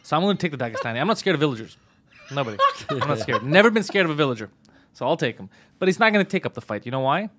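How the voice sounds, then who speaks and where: Brief: middle-aged male comic co-host, casual banter, slightly raised pitch, playful mock voices. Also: very animated, very fast, very noisy. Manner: joking, jumps into mock voices with big pitch leaps. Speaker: podcast co-host. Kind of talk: casual comedic chat.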